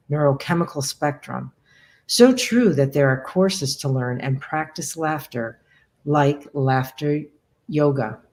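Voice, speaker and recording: Low-voiced woman moderator. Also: a little mellow. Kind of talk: reading audience questions.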